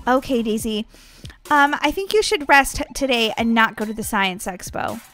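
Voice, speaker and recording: A woman's voice: fairly high pitch, lively intonation, moderate pace, fairly bright tone, soft background music. A woman playing the mom in a family role-play game, patient and mildly scolding. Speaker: role-player voicing the mom.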